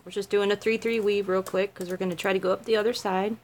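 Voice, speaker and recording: A woman's voice: mid-range voice, level tone, quick pace. A middle-aged woman making a craft video, chatting casually on a livestream, giggly and self-mocking.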